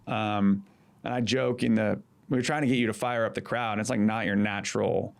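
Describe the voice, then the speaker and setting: A man in his thirties, a former campaign manager, telling animated stories in casual podcast chat, acting out quotes and swearing freely. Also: fairly low pitch, fairly quick, creaky, clean tone.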